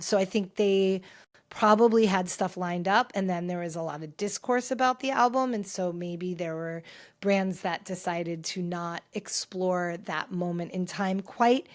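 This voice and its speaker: A woman hosting a pop culture podcast, talking candidly and rambling through her thoughts with frequent restarts. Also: on the low side. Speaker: podcast host. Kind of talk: casual pop culture chat. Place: home filming set.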